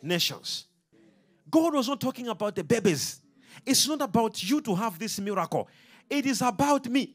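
A man preaching a sermon to a congregation, animated and full of call-and-response questions. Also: very high-pitched, moderate pace, soft background music.

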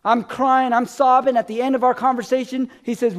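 A man with a very high voice preaching a live sermon in church. He tells personal stories, and his voice often drops low and quiet at the end of a line. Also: little pitch movement, fairly quick. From America. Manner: storytelling, dropping low and soft at line ends. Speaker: pastor. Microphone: live-streamed stage mic.

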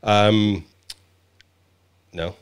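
A man's voice: lowish voice, fairly even intonation, very slow, clean tone. A man hosting a live stream, chatting playfully with his guest and greeting viewers. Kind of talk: bantering live stream chat.

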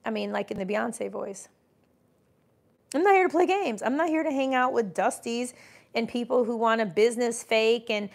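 Her voice sits on the high side, creaky and at a moderate pace. She's a livestream host and business coach in her forties, motivating viewers emphatically, reading the chat aloud, and lampooning doubters with sneering impressions.

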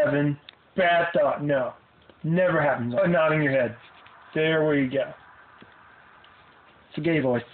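Goofy teenage boy rambling, tinny sound. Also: on the high side. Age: teens. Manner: goofy, self-mocking and scattered. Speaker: vlogger. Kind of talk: rambling casual vlog. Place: parked car at night.

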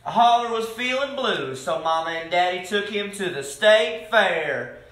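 Male storybook reader for kids: high, slow, expressive, echoey room. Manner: expressive, talks to the children between pages. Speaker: reader reading aloud to children. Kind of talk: reading a picture book aloud.

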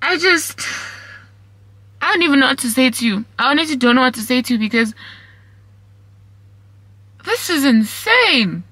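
A husky-voiced young woman chatting to her vlog camera. She talks with open emotion, slipping between English and Zulu. Her voice has a breathy edge. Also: high-pitched, lively intonation, normal speed, long pauses, bright, forceful tone, no room sound, low-quality recording. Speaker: vlogger. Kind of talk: casual vlog chat.

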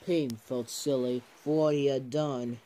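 A man narrating a homemade train story, halting often and restarting his sentences. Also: medium pitch, fairly even intonation, warm tone, slight background noise. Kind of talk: improvised toy-train storytelling.

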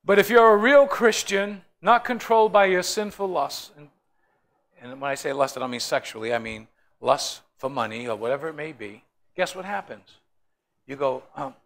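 Gravelly man teaching Bible study. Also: medium pitch, normal speed, long pauses, a bit bright. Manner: joking, storytelling, asks the group questions.

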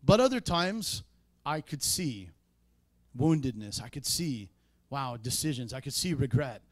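A man preaching a sermon in a church, conversational in tone, with sudden loud emphatic peaks. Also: mid-range voice, very animated, measured pace, no room sound. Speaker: pastor.

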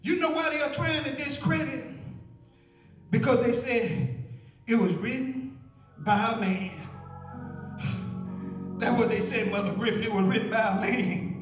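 A man preaching a sermon in a church, shouting in a rhythmic cadence full of hallelujahs, heard from far off in an echoey room. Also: very high voice, unhurried, pauses often, faint music behind. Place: church sanctuary.

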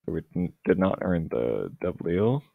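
Young male gamer, very deep with a gravelly fry, losing his voice; hesitant, dry sarcasm; tinny, dead-dry mic. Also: big pitch swings, normal speed, no room sound. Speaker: gameplay commentator. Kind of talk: casual let's-play commentary.

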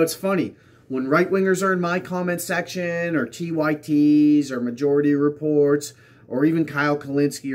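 A man with a medium-pitched voice hosts a political commentary show, reading tweets aloud and sarcastically mocking them while repeating lines for emphasis.

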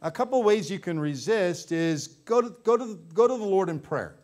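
Fervent preaching man, slightly high voice. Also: lively intonation, normal speed, darkish tone. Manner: fervent preaching, repeats phrases for emphasis. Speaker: pastor. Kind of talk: sermon. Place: church sanctuary. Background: congregation.

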